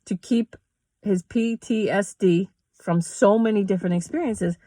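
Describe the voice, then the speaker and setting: A woman's voice: medium pitch, unhurried, mellow, no echo, studio quality. Candid woman telling a personal story. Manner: candid, emotional, swears, laughs between lines. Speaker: yoga teacher and vlogger.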